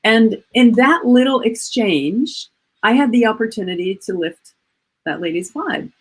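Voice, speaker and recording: A woman in her fifties, a guest coach, chatting casually at home over a video call and telling animated stories. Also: a little high, a little slow, slightly rough. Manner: animated, acts out quoted voices. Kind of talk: casual storytelling chat.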